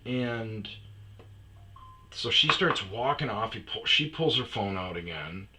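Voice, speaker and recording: A man telling a rambling, profane story in a casual way, breaking into loud shouts when he acts out scenes. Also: fairly low pitch, animated, takes it slowly, a little hiss or hum. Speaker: storyteller host. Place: lives on a self-storage property in Arizona.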